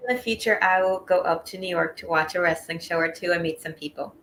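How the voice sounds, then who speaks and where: A woman's voice: on the low side, quick pace, a bit bright. A woman co-hosting a casual live wrestling review stream, talking in a matter-of-fact, teasing way. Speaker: podcast co-host. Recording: echoey room with faint noise.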